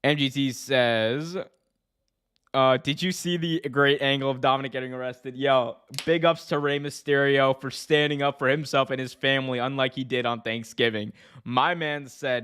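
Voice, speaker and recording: A man's voice: fairly high pitch, normal speed, clear, resonant tone. A man hosting a wrestling podcast, chatting casually and reading comments from his live chat, with many fillers and restarts. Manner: animated, rambling, lots of fillers and restarts.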